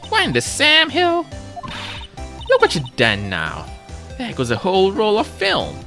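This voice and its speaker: Brash Southern woman photographer, voiced by a streamer, thick put-on drawl, bright, lively. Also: mid-range voice, unhurried, faint music behind, voice pushed up, full character voice. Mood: scolding. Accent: American Southern, put on. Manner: exaggerated drawl, scolding.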